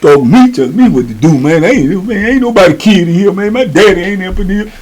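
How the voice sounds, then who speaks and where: A man voicing an agitated, defiant young male prisoner who yells and pleads in a high, strained voice. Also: expressive, fairly quick. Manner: yelling, pleading, high-pitched.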